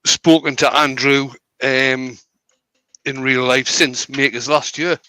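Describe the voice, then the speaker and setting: A man hosts a live stream and talks viewers through his lathe work in an easygoing way. His voice is bright and clear, at an ordinary male pitch, and it sounds close and dry. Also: fairly even intonation, takes it slowly, no echo, poor audio. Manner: easygoing, explains steps as he works. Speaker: host. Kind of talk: live stream chat while woodturning.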